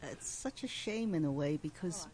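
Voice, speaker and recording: A speaker from outside the US talks reflectively at a mid pitch in a casual panel discussion. The delivery is gentle and laughs come easily. Faint room ambience sits behind the voice. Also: expressive, moderate pace, slight background noise.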